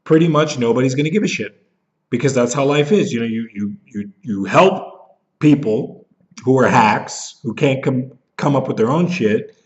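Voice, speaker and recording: Angry man ranting into a webcam, bitter and profane, mid-pitched, slightly dull lo-fi audio. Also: normal speed. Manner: bitter, profane, jumps into mocking voices when he is upset. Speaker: vlogger. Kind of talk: angry rant to camera.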